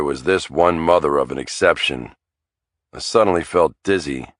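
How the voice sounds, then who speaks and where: Male first-person audiobook narrator, deep voice, wry and dramatic, dry studio sound. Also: fairly bright tone, dry recording.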